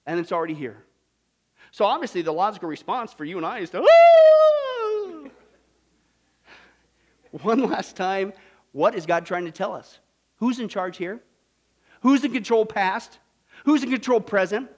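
A man delivers a sermon with a strikingly high-pitched voice. He preaches in an animated style, breaking into laughter and mocking asides. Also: normal speed, slight background noise. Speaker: pastor.

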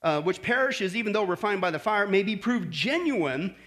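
This is a man preaching as pastor in a high-pitched voice at normal speed. Animated throughout, he often questions the congregation and slips in friendly "okay?" asides.

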